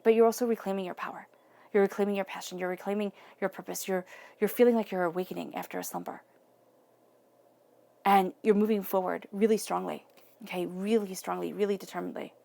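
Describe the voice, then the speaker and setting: A woman's voice: medium pitch, steady tone, fast talker, vocal fry, dark tone. A woman giving an earnest, encouraging tarot reading, often repeating phrases for emphasis. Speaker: tarot reader.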